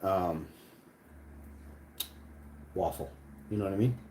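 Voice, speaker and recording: A man hosting a casual live cooking stream, talking to his chat in a boastful, excitable way with plenty of swearing. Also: deep voice, takes it slowly, noisy background.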